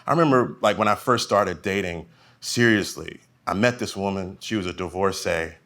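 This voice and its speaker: A man's voice: sits low, moderate pace. A man in his forties doing a stand-up comedy set, telling stories and acting out the people in them. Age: 40s. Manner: animated storytelling, acting out voices. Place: live comedy venue.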